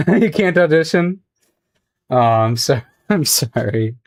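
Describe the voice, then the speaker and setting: A man talks to his viewers on a casual livestream while he draws. He rambles along at an unhurried pace and laughs often. His voice sounds close and dry, with no room around it. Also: a little high, animated, dry recording. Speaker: streamer.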